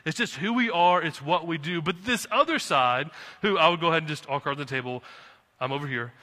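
A man preaching a sermon as pastor from the pulpit, impassioned, swinging from quiet to fired-up. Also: a little high, brisk. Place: church sanctuary. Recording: long reverb of a hall.

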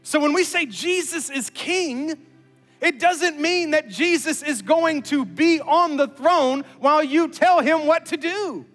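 A man preaching a sermon as pastor, animated and building to emphatic peaks. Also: extremely high pitch, unhurried. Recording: reverberant hall with music underneath.

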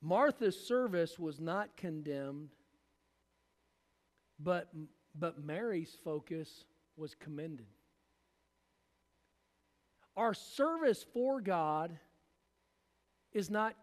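A man's voice: a little high, expressive, extremely slow, pauses often, in a large hall. A man pastor preaching a sermon, acting out the voices of the people in the story. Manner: preaching with acted-out voices of biblical figures.

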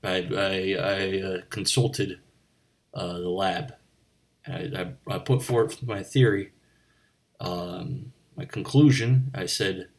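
Rambling low-voiced man, a bit off-mic. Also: fairly even intonation, slow pace, distant mic. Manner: rambling, meandering, with slips and restarts. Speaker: comedic bartender host. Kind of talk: rambling deadpan comedy monologue.

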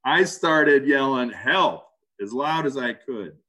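A man casually recounting an ordeal in an interview, halting and animated. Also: medium pitch. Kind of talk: casual storytelling.

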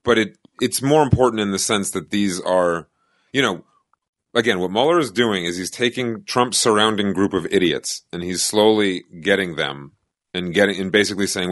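A man's voice: low voice, normal speed, a bit bright, dry recording, clean studio sound. A man co-hosting a podcast, chatting loosely about political news and joking and laughing along. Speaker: podcast co-host. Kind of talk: casual political chat.

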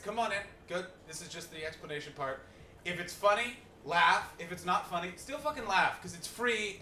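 A Canadian man doing loud, swearing stand-up crowd work as the host of a live podcast show. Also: high-pitched. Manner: loud, swearing, riffing with the audience. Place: small live comedy venue. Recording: roomy live room, distant mic, audience. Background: audience laughter.

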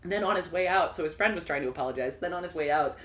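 Low woman, young, bartender co-host, lively tales, echoey room. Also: rapid-fire, slight background noise. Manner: animated storyteller, swears freely. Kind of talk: casual chat. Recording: echoey room with faint ambience.

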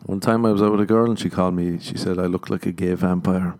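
A man's voice: low voice, steady tone, quick pace, darkish tone. An Irish man hosting a podcast, telling a comedic monologue in a sardonic, self-mocking way and laughing often. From Ireland. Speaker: podcast host.

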